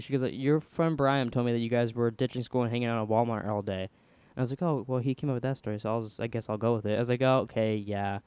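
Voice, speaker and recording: A man's voice: fast talker, clear, resonant tone, no echo. A young man hosting a podcast, telling a story casually and acting out the people in it. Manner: animated, voices quoted people with pitch jumps. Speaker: podcast host.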